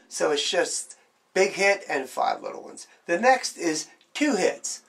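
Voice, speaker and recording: A man's voice: high-pitched, very animated, slow pace, vocal fry. A man teaching drum strokes, explaining plainly and counting beats aloud as he demonstrates. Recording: loud background noise.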